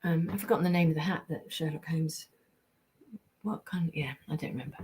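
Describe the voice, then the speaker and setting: A woman's voice: deep voice, fairly quick, darkish tone, husky. A woman voice actress chatting casually on a livestream while signing prints, reading fan messages aloud, trailing off and dropping into whispered asides. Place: indoors at a signing table.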